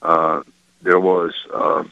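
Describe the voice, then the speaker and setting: A man calling in to a radio show, asking a Bible question in a hesitant, halting way full of fillers, heard over a muffled phone line. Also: low-pitched, little pitch movement, gravelly, dry recording. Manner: hesitant, halting, many fillers, searching for words. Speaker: caller.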